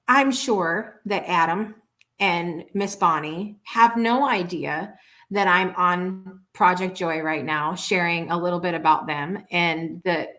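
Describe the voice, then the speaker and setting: A woman's voice: mid-range voice, a bit bright. Earnest lady hosting a morning show, rambly heartfelt storytelling, keeps restarting sentences. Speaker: talk show host. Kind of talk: morning talk show monologue.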